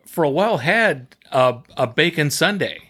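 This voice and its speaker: Picture a man in middle age chatting on a show he co-hosts. His voice is bright and forceful, and he tells stories in a playful, joking way. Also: fairly high pitch, expressive, normal speed. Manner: jokey storyteller. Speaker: podcast co-host. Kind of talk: casual chat.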